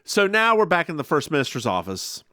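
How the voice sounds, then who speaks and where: A man's voice: a little high, brisk, dry recording, studio quality. A man co-hosting a podcast in a casual chat, retelling an episode with lots of laughs and acted-out quotes. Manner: giggly, animated storyteller, acts out quotes. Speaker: podcast co-host recapping an episode.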